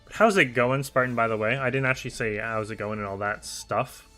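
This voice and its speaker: A young man chatting casually on a game livestream, reading viewer messages aloud, talkative and animated with frequent laughter. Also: medium pitch, brisk, faint music behind. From United Kingdom. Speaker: streamer.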